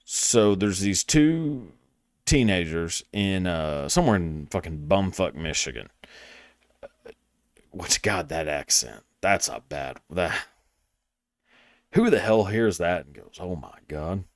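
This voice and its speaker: Deep-voiced Southern man, crude and rambling. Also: expressive, slow, pauses often, dry recording, studio quality. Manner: crude, rambling, self-deprecating, swears a lot. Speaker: podcast host. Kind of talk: casual monologue.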